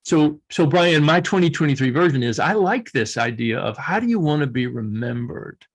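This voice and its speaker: A man's voice: on the high side, lively intonation, normal speed, few pauses, breathy edge. A middle-aged man with a Southern US accent, speaking as a guest coach in an earnest, reflective way and often restarting his phrases.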